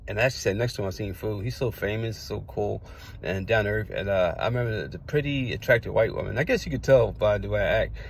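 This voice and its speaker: A man's voice: lowish voice, quick pace, vocal fry, slight background noise. A middle-aged man casually telling rambling personal stories, jumping from one anecdote to the next. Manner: rambling, digressive, jumps between anecdotes. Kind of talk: casual storytelling.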